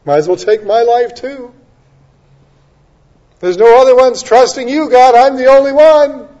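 A man's voice: very high voice, unhurried, dark tone, pitched above the performer's own voice. A male preacher voicing a despairing, self-pitying prophet in a raised, complaining outburst, on a dull lo-fi recording. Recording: dull lo-fi sound.

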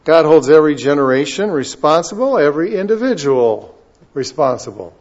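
A man preaching a sermon, moving from quiet, conversational asides to loud, emphatic readings of scripture. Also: on the high side, sing-song, fairly quick. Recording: dull lo-fi sound.

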